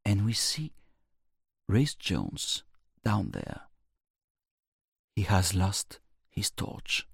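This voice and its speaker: A man narrating a storybook in a clear, measured storytelling manner. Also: on the low side, huge pitch swings, no room sound, studio quality.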